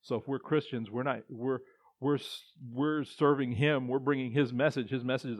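A man's voice: medium pitch, fairly even intonation, normal speed, no echo. A male pastor preaching a conversational sermon, with restarts and acted-out quotes. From Texas. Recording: dull, muffled dry sound.

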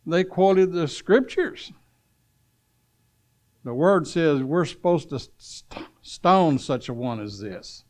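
Preaching man, loud and then hushed. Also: lively intonation, slow pace, pauses often. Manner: swings from loud urgent calls to hushed low storytelling; asks the congregation if they are listening. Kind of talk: sermon.

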